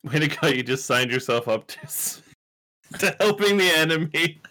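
A man's voice: fairly high pitch, expressive, moderate pace, bright, forceful tone. A man running a tabletop role-playing game as game master, dry and laid-back.

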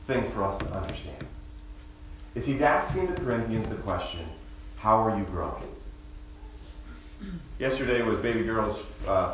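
A male pastor delivers a sermon in an easygoing, storytelling manner and slips jokes into his teaching. His voice rings through a very reverberant hall, heard from some distance off the mic with faint background ambience. His pitch sits in an ordinary middle range for a man. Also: a little hiss or hum. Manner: conversational, storytelling with humor. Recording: very echoey room, mic far off, faint ambience.

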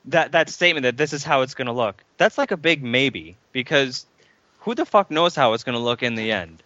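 Skeptical bright-voiced man, podcast. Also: medium pitch, animated, brisk, muffled recording. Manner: skeptical, dismissive, stammers. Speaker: podcast co-host. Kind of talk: casual podcast chat about games.

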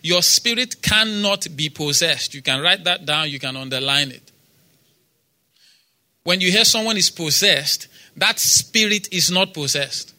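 A man's voice: on the high side, expressive, measured pace, pushed and bright. A man preaching a sermon in a church, quoting scripture with emphasis, repeating phrases and asking the congregation for responses.

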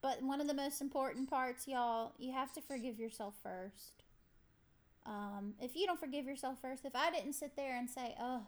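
A woman's voice: sits high, normal speed. A woman co-hosting a faith podcast, supportive and affirming as she shares her view. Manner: supportive, affirming with frequent amens. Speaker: podcast co-host. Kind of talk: casual faith talk.

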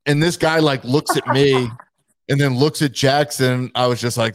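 A man's voice: mid-range voice, fairly even intonation, moderate pace, no room sound, studio quality. A man co-hosting a podcast, telling a profane, laid-back story in casual chat. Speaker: podcast co-host.

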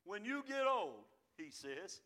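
A man preaching a sermon, his voice high and bright with a sharp edge. He builds to loud, emphatic peaks, then drops to low, quiet asides. His delivery is fervent throughout. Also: sing-song, slow pace.

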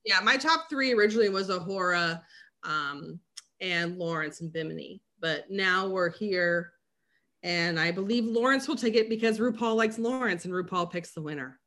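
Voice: mid-range voice, normal speed, bright, forceful tone. A co-host in a casual chat, talking loosely with lots of fillers and swearing. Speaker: podcast co-host.

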